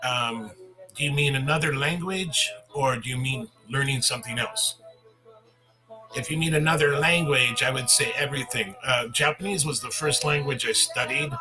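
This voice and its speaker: A man's voice: mid-range voice, normal speed, music in the background, low-quality recording. A man in his fifties, a language teacher hosting a casual livestream Q&A, talking in a chatty, rambling way with restarts.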